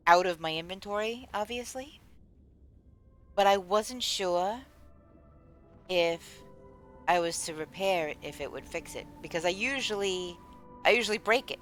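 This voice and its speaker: Chatty low-voiced woman streamer. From United States. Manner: chatty, rambling, answers chat aloud. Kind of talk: casual live-stream chat while gaming.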